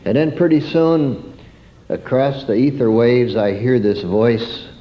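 A man's voice: mid-range voice, takes it slowly, highs cut off. A man preaching a sermon through a homespun childhood story, turning to ask his listeners questions.

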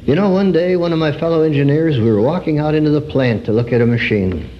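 A man giving an earnest personal testimony sermon, swinging between high emphatic phrases and low drawn-out words. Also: slight background noise. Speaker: preacher. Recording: dull lo-fi recording.

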